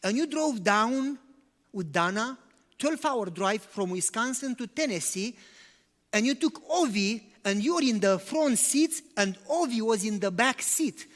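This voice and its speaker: A man's voice: very high-pitched, lively intonation, measured pace. A male pastor preaching in a conversational way, with rhetorical questions and non-native English phrasing. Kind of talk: sermon. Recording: long church-hall reverb.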